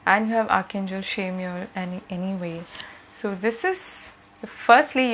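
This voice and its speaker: A woman giving a gentle, reassuring tarot reading to her viewers, often checking in with "okay?". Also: medium pitch, unhurried, a little hiss or hum, rough recording. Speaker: tarot reader.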